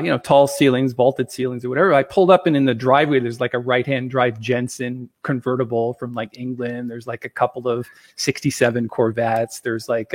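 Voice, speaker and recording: A man casually telling a personal story as a guest, rambling, with plenty of fillers and chuckles. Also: medium pitch.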